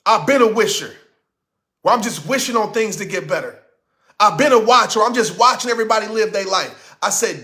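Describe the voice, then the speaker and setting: A man's voice: high-pitched, sharp tone. A man giving a blunt, impassioned motivational talk. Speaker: motivational speaker.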